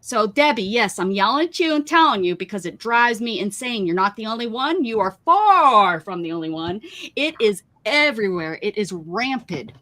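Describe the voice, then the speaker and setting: Brief: woman host, rambling casual chat, emphatic rants, very lively pitch. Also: normal speed. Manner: rambling, emphatic, ranting about pet peeves. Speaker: craft livestream host.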